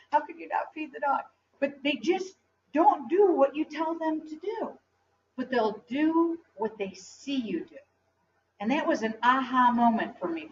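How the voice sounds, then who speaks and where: A woman's voice: a little high, a little hiss or hum. Distant woman giving a motivational talk. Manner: animated storyteller, asks the audience questions. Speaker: speaker at a company event. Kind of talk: motivational speech. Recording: distant, dull lo-fi live recording.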